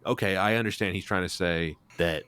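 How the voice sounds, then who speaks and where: A man's voice: sits low, brisk, a bit bright, clear, resonant tone. A man hosting a podcast discussion, critiquing with sarcastic disbelief. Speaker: podcast host.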